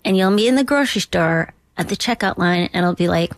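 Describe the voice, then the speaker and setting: A woman comedian from Duluth in an interview, talking in a halting way with many restarts and asides. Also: lowish voice, animated, dry recording. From Duluth, Minnesota. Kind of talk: interview conversation.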